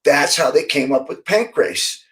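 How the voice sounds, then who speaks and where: In a laid-back interview, this former fighter, a middle-aged man, recounts stories and performs the dialogue of the people in them, with many restarts. He speaks at a measured pace in a slightly high voice, and the audio is poor.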